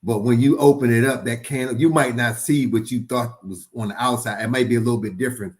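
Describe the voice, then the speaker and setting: A man of average pitch talks casually as a guest pastor. He stumbles over repeated words and pops his voice up to act out quoted lines. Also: steady tone, brisk. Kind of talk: casual conversation on marriage.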